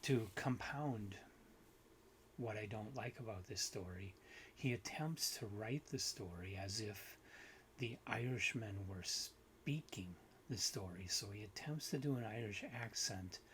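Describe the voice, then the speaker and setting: A man hosting a book video, giving an unhurried, critical review with frequent restarts and fillers. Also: lowish voice, a bit bright, a little hiss or hum.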